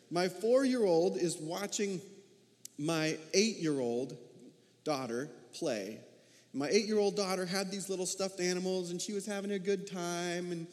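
A fairly high-pitched man in his thirties preaches a sermon. He talks with animation and keeps asking his congregation questions. His voice rings with the long reverb of a big church hall. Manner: animated, asks the listeners many questions. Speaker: pastor.

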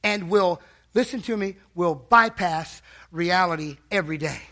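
A man's voice: high voice, measured pace, pushed and bright. A man preaching a fervent sermon in a church, calling out to the congregation.

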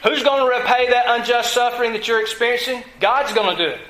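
A man's voice: very high-pitched, fairly even intonation, quick pace, sharp tone, reverberant, poor audio. A man preaching a sermon, emphatic, asking his listeners questions and answering them himself. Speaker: pastor.

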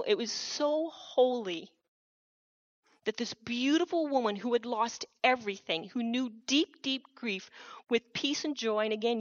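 A middle-aged woman, a missionary, giving a personal testimony in an earnest, reflective storytelling manner with soft pauses. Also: on the high side, dry recording, lo-fi sound. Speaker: missionary speaker.

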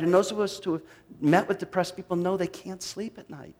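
A man preaching a sermon, reading a psalm dramatically and swinging from loud to hushed. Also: high-pitched, fairly even intonation, brisk, in a large hall. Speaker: pastor.

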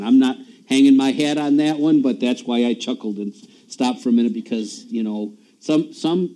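Dark-voiced male preacher, conversational. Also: on the low side, poor audio. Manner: conversational, repeats words, chuckles at himself. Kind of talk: sermon. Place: church.

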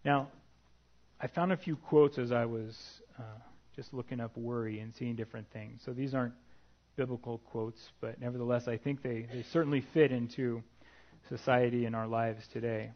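A man's voice: mid-range voice, fairly even intonation, normal speed, muffled recording. A man preaching a sermon, reading scripture aloud in an earnest way with light personal asides.

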